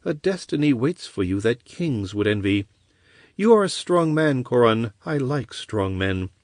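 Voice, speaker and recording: A man's voice: medium pitch, big pitch swings, a little slow, darkish tone, no echo, clean studio sound, voice pushed up. Chryseis, a cynical seductive sorceress voiced by a man. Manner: silky and coaxing.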